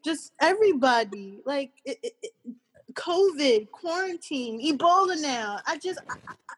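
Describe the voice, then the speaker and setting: A woman's voice: sits high, lively intonation, moderate pace. A young woman in casual group chat, ranting in an exasperated way. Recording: long hall reverb.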